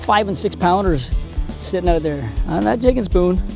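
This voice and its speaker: Excitable high-voiced man fishing. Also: normal speed, gravelly, soft background music. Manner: excitable, exclamatory, talks to the fish. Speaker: fishing show host. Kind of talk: on-the-water fishing commentary. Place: outdoors on a boat on a lake.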